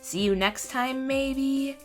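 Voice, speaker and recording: A woman's voice: high voice, slow pace, soft background music. A young woman in a fantasy audio drama delivering a sarcastic, rambling monologue straight to the listener. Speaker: character trapped alone.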